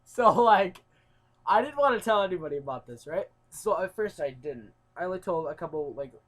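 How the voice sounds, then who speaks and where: A young man telling a rambling story in a casual vlog, full of fillers, swinging between loud outbursts and mumbled asides. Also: high voice, lively intonation, moderate pace. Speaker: YouTuber.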